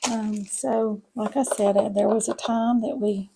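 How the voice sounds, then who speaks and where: A woman's voice: mid-range voice, fairly even intonation, a little slow, vocal fry, background noise. A middle-aged woman, chatting folksily to viewers while cooking in her home kitchen. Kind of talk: casual cooking chat to camera.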